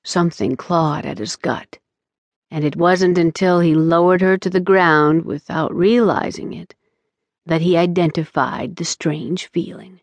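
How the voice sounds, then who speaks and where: Brief: woman audiobook narrator, measured delivery, slightly low register, dry close-miked studio. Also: no room sound. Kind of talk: scripted narration. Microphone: close studio mic.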